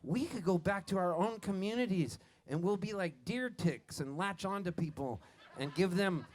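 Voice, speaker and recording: A Canadian singer-songwriter chats animatedly at normal speed in a high-pitched voice, telling a long, wandering joke to a live crowd at an outdoor festival and laughing at his own punchlines. His stage vocal mic runs into the soundboard as a band plays softly behind him.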